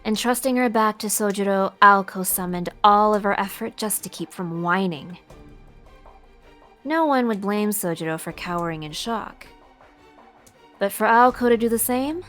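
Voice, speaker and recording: A woman reading a visual novel aloud as the narrator, telling it in a steady, expressive way. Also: medium pitch. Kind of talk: dramatic narration read aloud.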